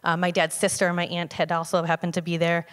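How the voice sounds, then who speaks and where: Woman giving a halting church testimony. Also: lowish voice, monotone, clean tone. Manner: conversational, halting, with frequent fillers and restarts. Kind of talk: personal testimony told to a congregation. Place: church sanctuary. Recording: long hall reverb.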